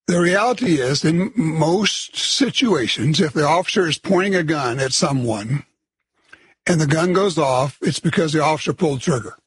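A man's voice: fairly high pitch, lively intonation, moderate pace, breathy edge, no room sound, low-quality recording. A man hosting a call-in radio talk show, plainspoken and blunt.

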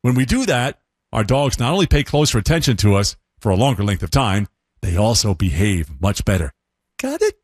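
A man hosting a scripted radio segment in a lively, playful way, his voice a little husky. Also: fairly low pitch, brisk, no echo, clean studio sound. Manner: lively, playful, laughs at his own imitations. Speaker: radio host.

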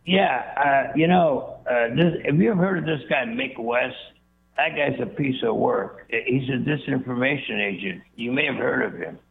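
A man's voice: medium pitch, normal speed, gravelly. A man calling in to a radio show, emphatic and scornful. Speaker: caller. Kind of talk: phone-in caller. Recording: tinny phone line.

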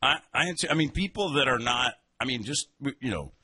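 A man's voice: medium pitch, lively intonation, moderate pace, sharp tone, breathy edge. A man co-hosting a casual sports talk show, wisecracking and laughing often.

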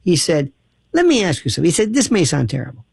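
A man hosting a talk radio show, telling stories in an animated way and acting out the dialogue of the people he quotes. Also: a little high, fast talker, vocal fry, slightly rough, no room sound, clean studio sound.

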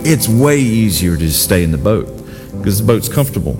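Low-voiced male preacher in a reverberant hall. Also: a little fast. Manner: animated, emphatic preaching with repeated exhortations. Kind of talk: sermon. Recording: long hall reverb with faint music.

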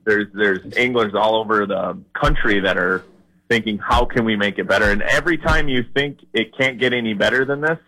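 Bright-voiced Minnesota fishing guide. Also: male voice, fairly low pitch, fairly quick, low-quality recording. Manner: storytelling, animated, lots of fillers. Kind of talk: casual podcast conversation.

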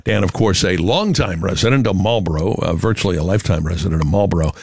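A man's voice: low-pitched, quick pace, vocal fry, a little mellow, husky. A middle-aged man from Massachusetts with a New England accent, hosting casual radio chat in a rambling, self-correcting way. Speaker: radio host.

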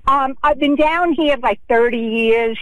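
A woman's voice: sits high, unhurried, dry recording, phone-quality sound. A woman with a New York accent calling into a radio show, blunt and protesting. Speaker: caller. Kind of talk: phone-in chat.

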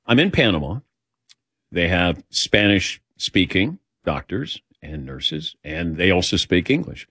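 A man's voice: sits low, measured pace, creaky, husky, no echo. Dry-voiced male talk show host. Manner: animated anecdotes, acting out quoted dialogue. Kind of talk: casual radio show storytelling. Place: radio studio. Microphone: studio microphone.

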